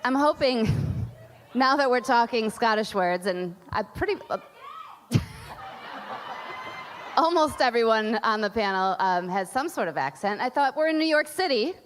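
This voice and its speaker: A woman's voice: on the high side, lively intonation, unhurried, pauses often, a little hiss or hum. A woman moderating a live panel, chatty and laughing often. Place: large event hall. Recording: reverberant hall on a PA.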